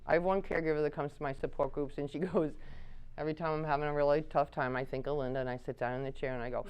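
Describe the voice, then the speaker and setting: A woman's voice: low-pitched, rapid-fire, background noise. A middle-aged woman giving a caregiver talk to an audience, telling stories and acting out the people she quotes. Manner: animated, acts out quoted people with laughs. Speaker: caregiver support speaker.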